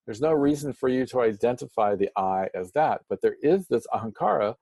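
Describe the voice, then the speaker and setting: Man, spiritual teacher, mellow voice, slightly husky, dry close sound. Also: medium pitch, expressive, no echo. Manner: slow, deliberate explanations with playful humor. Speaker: Vedanta teacher. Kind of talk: spiritual lecture explaining Sanskrit terms.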